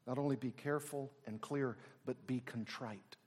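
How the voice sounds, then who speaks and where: A middle-aged man preaching a sermon, swinging from loud exclamations down to near whispers. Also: mid-range voice, fairly even intonation, moderate pace. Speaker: pastor.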